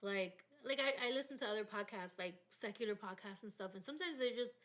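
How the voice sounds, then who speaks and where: A woman hosting a faith-focused podcast, telling a personal story in an animated, emotional way during a casual chat. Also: medium pitch, quick pace. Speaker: podcast host.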